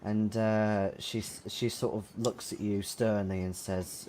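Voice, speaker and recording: A man narrating as game master in a tabletop horror game, halting with fillers as he describes scenes and plays side characters. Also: fairly low pitch, level tone, noisy background.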